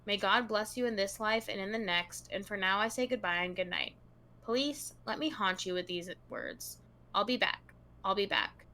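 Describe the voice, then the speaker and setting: A woman hosting a true crime podcast, her voice bright and forward. She reads long passages aloud in an easygoing, conversational way. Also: mid-range voice, normal speed. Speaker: podcast co-host.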